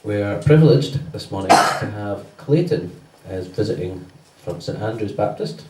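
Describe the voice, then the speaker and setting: A man's voice: on the low side, expressive, moderate pace, a little mellow, slight background noise. A man leading a church service and introducing a visiting speaker in a light, joking way, chuckling between phrases. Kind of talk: informal church announcement. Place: church sanctuary. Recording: echoey church, voice from far off.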